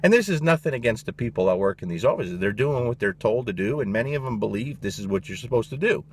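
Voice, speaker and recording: A man's voice: medium pitch, expressive, fast talker, a little hiss or hum. A man, a dog trainer, giving his opinions in a blunt, emphatic casual monologue, swearing freely.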